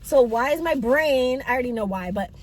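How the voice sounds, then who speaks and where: A woman's voice: sits high, expressive, brisk, a little mellow. A young woman rambling in a casual, self-mocking vlog while she eats, talking with her mouth full, in a parked car. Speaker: vlogger.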